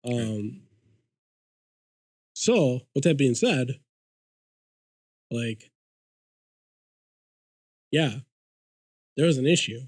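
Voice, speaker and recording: A man's voice: medium pitch, very slow, pauses often, no echo. A man telling a story in casual podcast chat, swearing freely and acting out what people said. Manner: profane, animated storyteller acting out quotes. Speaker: podcast guest.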